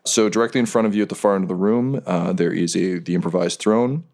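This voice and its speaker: A man's voice: deep voice, fast, creaky, darkish tone. A man narrating as game master of a tabletop game, describing scenes and often laughing.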